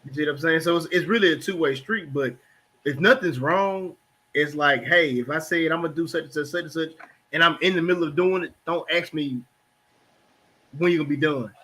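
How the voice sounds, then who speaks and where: A man's voice: fairly high pitch, a little fast, pushed and bright. A man hosting a casual panel talk, explaining earnestly and acting out everyday exchanges. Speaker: host.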